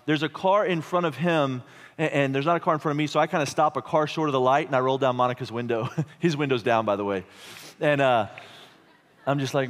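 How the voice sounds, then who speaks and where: A man in his thirties preaching a sermon, telling a story with frequent chuckles and halting restarts. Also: mid-range voice. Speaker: pastor. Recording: long hall reverb.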